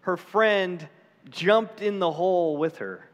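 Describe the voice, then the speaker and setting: High-voiced, animated preacher in a hall. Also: male voice, slow, lo-fi sound. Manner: animated storytelling preacher, acts out voices in his story. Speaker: pastor. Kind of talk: sermon.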